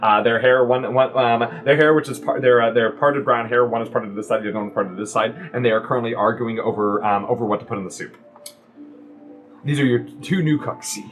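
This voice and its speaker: A man's voice: mid-range voice, a little fast, soft background music. A man narrating as game master for a tabletop game, with frequent fillers and restarts. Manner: many fillers and restarts, animated.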